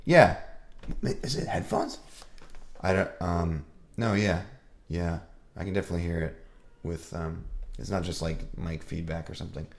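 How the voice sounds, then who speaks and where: A man's voice: sits low, steady tone, normal speed, long pauses. A sick man casually thinking aloud on a live stream about his music, rambling and self-deprecating. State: sick, with a rough voice.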